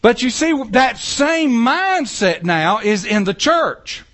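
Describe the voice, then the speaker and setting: Guy preaching, really high bright voice, jumps around a lot in pitch, jokey. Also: slow. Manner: animated, joking preaching with acted-out quotes. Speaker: pastor. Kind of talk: sermon.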